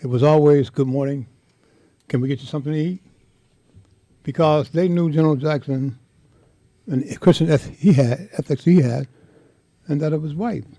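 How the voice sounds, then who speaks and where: An older man telling a heartfelt story in an interview, speaking with impassioned, halting repetition. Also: a little high, warm tone, dry recording. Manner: impassioned, halting, repeats words. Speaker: interviewee, veteran.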